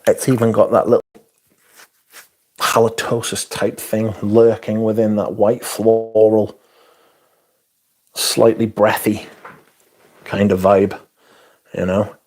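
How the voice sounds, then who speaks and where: A man's voice: on the low side, level tone, takes it slowly, long pauses, darkish tone. A man hosting a casual livestream, rambling with crude, profane jokes and reading out viewer comments. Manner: rambling, crude, profane and jokey, with frequent restarts. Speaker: livestream host reviewing fragrances.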